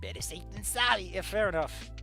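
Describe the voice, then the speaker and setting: A streamer reading a visual novel aloud and commenting along with it, with animated, jokey reactions and loud squeals. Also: mid-range voice, fairly quick, gravelly, music in the background.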